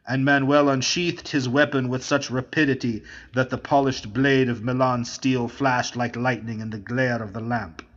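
Brief: male audiobook narrator, mid-pitched, measured, slightly muffled recording. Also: steady tone, fairly bright tone. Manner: measured storytelling. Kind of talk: audiobook reading of a classic novel.

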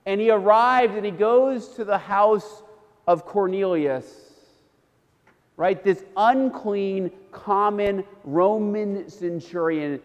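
High-voiced pastor preaching in a reverberant church. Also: male voice, slow, muffled recording. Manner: casual, storytelling sermon with asides to the congregation. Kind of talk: sermon. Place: church sanctuary.

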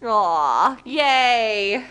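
A woman's voice: fairly high pitch, animated, very slow. A young woman vlogging at home and in a car, chatting casually and cooing baby talk to her dog. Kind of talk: casual family vlog. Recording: noisy handheld camera audio.

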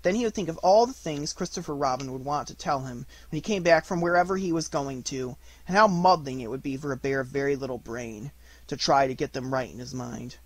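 Audiobook reader, male, gentle and measured, mid pitch, dry close recording. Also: dry recording. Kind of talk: storybook narration.

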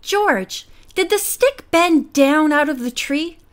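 A woman's voice: sits high, expressive, takes it slowly. Woman reading as a curious teen girl detective.

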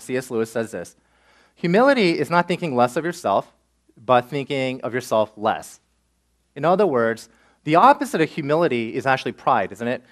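A male pastor preaching a sermon and acting out the voices of the people in his examples. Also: on the high side. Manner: animated, acts out self-pitying and entitled voices.

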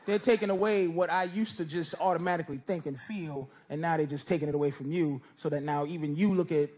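A middle-aged man doing stand-up comedy and teasing people in the crowd, with loose, drawn-out delivery. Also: a little high, darkish tone. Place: comedy club stage with a laughing audience. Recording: live stage recording with crowd and noise. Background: audience laughter.

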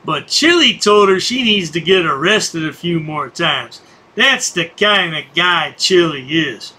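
A man's voice: on the high side, lively intonation, a little slow, bright, forceful tone, breathy edge. A man hosting a commentary channel, mocking the people in the clips he plays with sarcastic remarks. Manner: sneering, sarcastic.

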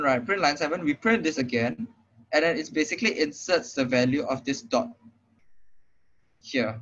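A man's voice: on the high side, animated, moderate pace, pauses often, a bit bright. A young man with a Singaporean English accent tutoring programming in an online class, explaining casually with lots of fillers and checking in with "right?". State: slightly out of breath. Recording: muffled lo-fi online call audio.

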